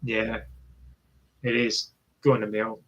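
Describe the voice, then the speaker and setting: Chill guy streaming a marathon watch-along, talks slow, jokey about himself, cheers runners on. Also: fairly low pitch, little pitch movement, muffled recording. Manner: chatty, self-mocking, cheers runners on. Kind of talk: casual live commentary.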